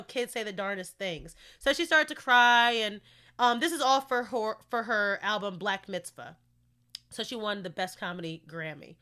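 Bright-voiced chatty woman podcast host. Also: fairly high pitch, smooth. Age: young adult. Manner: chatty, opinionated, uses fillers like "you know" and "like". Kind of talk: casual solo podcast commentary.

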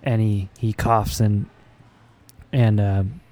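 A man running a tabletop game as game master, laughing often and pausing on fillers. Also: on the low side, fairly even intonation, mellow.

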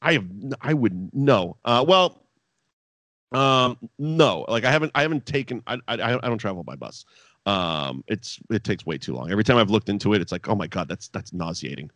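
A man's voice: lively intonation, normal speed, fairly bright tone, no room sound. Sweary, ranting man on a podcast. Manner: exasperated, sweary, ranting with sudden high outbursts. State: over-caffeinated. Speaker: podcast co-host reviewing wrestling. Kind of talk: casual profane rant.

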